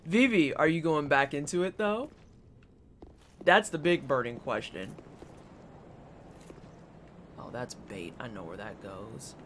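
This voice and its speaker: A man's voice: mid-range voice, expressive, slow pace, long pauses, fairly bright tone. A man streaming a game, chatting casually with his chat and reacting aloud as he plays. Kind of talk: casual gameplay commentary. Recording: clear background noise.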